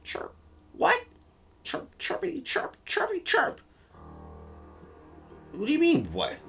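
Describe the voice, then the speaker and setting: Shrill squawking blue jay, bird, very high, angry, distant mic, music behind. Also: male voice, huge pitch swings, slow, vocal fry, fairly bright tone, exaggerated voice. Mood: indignant.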